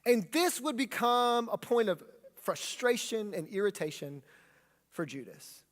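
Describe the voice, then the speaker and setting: A man preaching a sermon as pastor, with animated delivery, leading his congregation to repeat lines back. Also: sits high, unhurried. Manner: animated preaching, leads congregation in call-and-response. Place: church sanctuary. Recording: long hall reverb.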